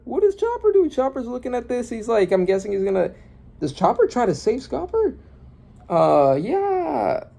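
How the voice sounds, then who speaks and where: A man reading through a manga chapter aloud and reacting, often bursting into loud exclamations and swearing. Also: high-pitched, gravelly, breathy edge.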